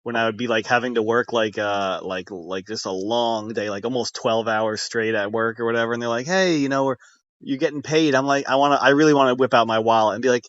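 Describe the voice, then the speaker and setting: A man's voice: fairly low pitch, steady tone, fast, few pauses, a bit bright, no echo, lo-fi sound. A man co-hosting a casual chat, rambling and hesitant, often trailing off mid-thought. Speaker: podcast co-host.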